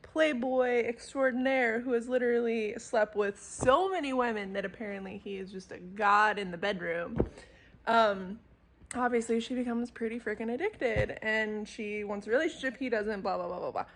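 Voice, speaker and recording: A young woman talks casually to her viewers from a room at home, animated and full of fillers and laughs. Her voice sits a little high and carries a gravelly fry. It sounds like a camera mic. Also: normal speed. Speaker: book vlogger.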